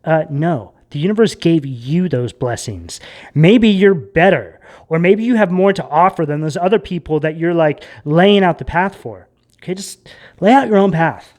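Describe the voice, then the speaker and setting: High-voiced man giving an intense tarot reading. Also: animated, moderate pace, darkish tone. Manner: rambling, emphatic, gets worked up. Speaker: tarot reader. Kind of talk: casual tarot reading monologue.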